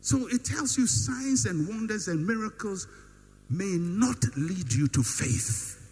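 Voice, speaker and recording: A man's voice: high voice, lively intonation, slow, a little mellow. A man preaching a sermon, with emphatic, repetitive build-ups and rhetorical questions. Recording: long hall reverb with faint hum.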